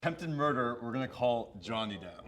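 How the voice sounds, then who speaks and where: A man's voice: medium pitch, expressive, normal speed. A man judging a lineup, asking questions in a hesitant, laughing way full of fillers. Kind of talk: casual questioning.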